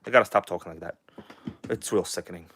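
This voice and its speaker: Working on a model engine during a casual stream, a man chats with his viewers, switching between an energetic showman tone and soft mumbled asides. He speaks fast in a low-pitched voice, with a little hiss or hum in the recording.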